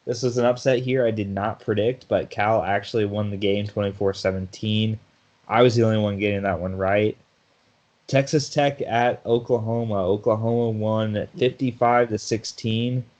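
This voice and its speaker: A man's voice: fairly low pitch, fairly even intonation, moderate pace, a little mellow. A man co-hosting a sports podcast in casual chat, talkative, often laughing and restarting his sentences. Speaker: podcast co-host.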